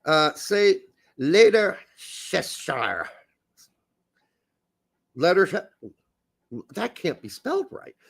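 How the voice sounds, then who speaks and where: High, lively-voiced joking man. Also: takes it slowly. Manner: joking, laughs often, rambling asides. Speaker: co-host. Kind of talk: casual podcast chat.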